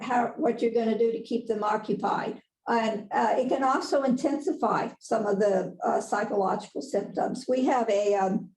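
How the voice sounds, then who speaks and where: Woman, nurse educator, casual folksy lecturer, higher voice, echoey room sound. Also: a little mellow. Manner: chatty, folksy, laughs at her own asides. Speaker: nurse educator presenting on dementia care. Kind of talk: conversational webinar lecture.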